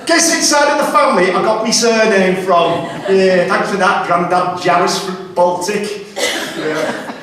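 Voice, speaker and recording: A man's voice: sits high, a little slow, a bit bright. Rambling man in an echoey club. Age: 40s. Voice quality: rambling, self-deprecating delivery. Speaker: stand-up comedian. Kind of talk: stand-up comedy routine. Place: comedy club stage. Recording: very echoey room, from far off.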